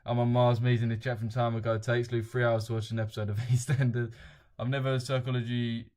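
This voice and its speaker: A man's voice: mid-range voice, level tone, fast, darkish tone. A young man hosting a casual livestream, blunt and slangy, swearing freely and chuckling as he reads viewer comments aloud. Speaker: trading livestream host.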